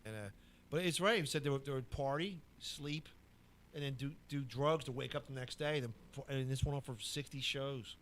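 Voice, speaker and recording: Man telling a lively anecdote. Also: mid-range voice, normal speed, slight background noise. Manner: animated anecdote teller who acts out quotes. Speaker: podcast co-host. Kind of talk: casual chat, storytelling.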